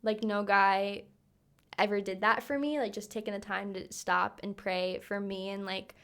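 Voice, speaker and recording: A woman's voice: mid-range voice, fairly even intonation, normal speed, a bit bright, smooth. Chatty young woman co-hosting a podcast. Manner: chatty, many fillers, laughs often. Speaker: podcast co-host. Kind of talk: casual chat.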